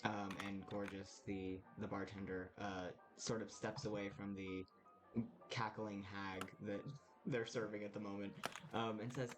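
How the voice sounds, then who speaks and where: A man's voice: fairly low pitch, flat delivery, unhurried. A man narrating a tabletop game as game master, casually and with many hesitant fillers. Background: music.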